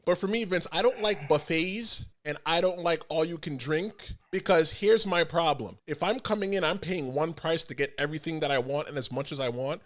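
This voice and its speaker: Man, high voice, podcast host, casual chat, animated storyteller. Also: moderate pace, hardly any pauses. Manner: animated storyteller, acts out quotes.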